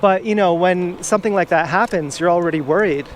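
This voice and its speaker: A man's voice: high-pitched, fairly quick. A man telling a personal story outdoors in a rambling, confessional way, swearing freely. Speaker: vlogger. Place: outdoors in a town, walking around. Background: faint urban traffic.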